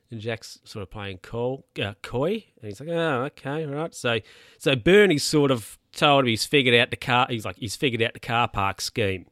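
Man retelling a show, animated. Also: mid-range voice, normal speed, no room sound, clean studio sound. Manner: animated storytelling, acts out characters' lines in voices. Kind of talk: casual retelling of a TV episode.

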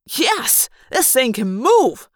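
A woman voicing a joking, excitable teenage boy sidekick in a storybook reading. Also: medium pitch, a little slow, no room sound, studio quality. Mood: thrilled.

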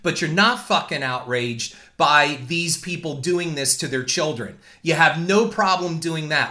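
A man's voice: on the high side, unhurried, hardly any pauses, pushed and bright. A man hosting a talk show, delivering a blunt, indignant and profane opinion rant. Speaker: podcast host.

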